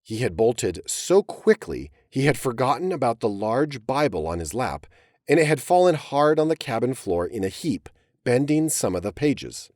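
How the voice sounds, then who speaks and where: Animated male storyteller, dry close sound. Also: mid-range voice, normal speed, no echo. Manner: expressive storytelling reading. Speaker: narrator. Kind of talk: dramatic audiobook narration.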